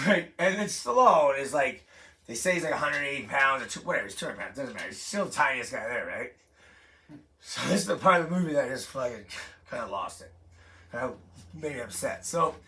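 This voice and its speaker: A man's voice: medium pitch, bright, forceful tone. Man doing a profane, rambling stand-up set. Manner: profane, rambling retelling with frequent asides. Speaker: comedian. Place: living room with a home-built stage.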